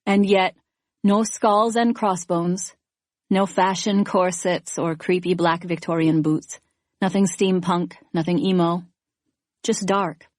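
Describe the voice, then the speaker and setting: A woman narrating a first-person thriller audiobook in a measured, even storytelling manner. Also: lowish voice, dry recording, studio quality.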